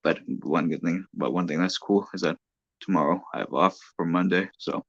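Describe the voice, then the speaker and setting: Filming his toy trains at home, a hobbyist talks casually on a phone live-stream at normal speed, his low voice showing vocal fry. He rambles and often corrects himself, and the dull lo-fi phone audio has no echo.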